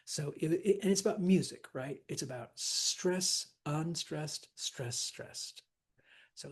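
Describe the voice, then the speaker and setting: A woman teaching a lecture on verse, unhurried and chatty, full of fillers. Her voice is husky and breathy. She taps out the stresses of a line aloud, one word at a time. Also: low voice.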